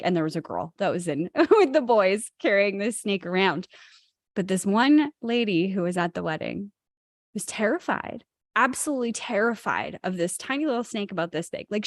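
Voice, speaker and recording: A woman's voice: medium pitch, sing-song, moderate pace, no echo, clean studio sound. A woman co-hosting a spiritual podcast, telling a story in a chatty way with lots of fillers. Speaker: podcast co-host.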